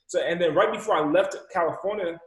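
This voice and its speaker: A fired-up male motivational speaker from Rhode Island tells a personal story, stumbling over repeated words and acting out both sides of conversations. His voice sits a little high for a man. The recording has a noticeable roomy echo. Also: fast. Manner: energetic, repeats words, acts out dialogue. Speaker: podcast guest, motivational speaker.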